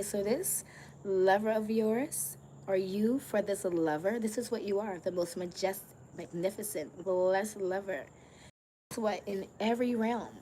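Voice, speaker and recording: Woman tarot reader, casual and profane, laughs a lot, leans on drawn-out words; mid-range voice, slight hiss behind. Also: mid-range voice, dark tone. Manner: slangy, profane, laughs often. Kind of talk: casual spiritual tarot reading.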